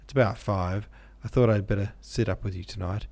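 A man reading a breezy, friendly young medical student, low gravelly voice. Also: steady tone, fairly quick, darkish tone. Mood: cheerful. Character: cheerful, hearty young male medical student.

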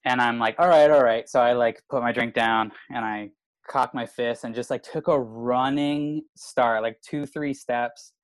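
A man's voice: medium pitch, level tone, a little slow, a bit bright, no echo. A man, a comedian telling a long story in casual chat, rambling and swearing with constant filler words. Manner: rambling, profane, full of "like" fillers. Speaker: stand-up comedian.

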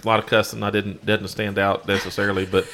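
Bright-voiced male podcast co-host. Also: on the low side, flat delivery, fast, a little hiss or hum. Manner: rambling, many fillers and restarts. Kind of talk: casual podcast chat.

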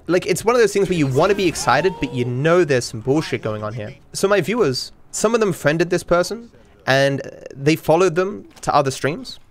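Rambling male podcast host, slightly high voice. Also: animated, moderate pace, hardly any pauses. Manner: rambling, frequent restarts and casual swearing. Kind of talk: casual storytelling monologue.

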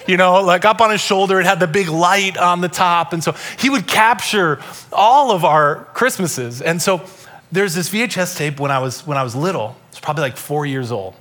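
A man in his thirties preaching a Christmas sermon to a live congregation, telling stories with loud bursts and soft asides. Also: high voice, normal speed. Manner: animated storytelling, shifting between loud bursts and soft asides. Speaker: pastor. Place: church hall, live congregation.

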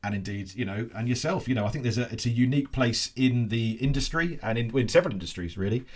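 A man in his forties hosting a podcast, reflective and rambling, with halting restarts. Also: mid-range voice, expressive. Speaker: podcast host. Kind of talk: casual chat.

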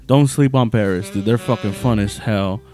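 A man's voice: on the low side, moderate pace, a little mellow, soft background music. A man co-hosting a comedy podcast, crude and joking in casual banter. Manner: crude, joking, laughs often.

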